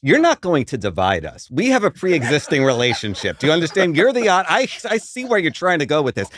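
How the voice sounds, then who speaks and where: A man's voice: fairly high pitch, wildly swooping pitch, a little fast, a bit bright. A man who is a regular on a talk show, bickering in comedic banter with an indignant, pedantic insistence. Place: studio.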